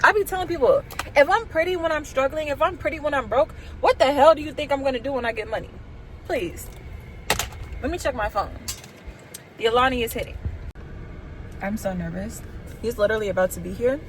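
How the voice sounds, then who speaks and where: A woman's voice: high-pitched, a little fast, long pauses, a little hiss or hum, poor audio. Nervous giggly young woman vlogging. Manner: nervous, giggly, chatty, talking to viewers as girls. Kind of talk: casual vlog chat. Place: parked car.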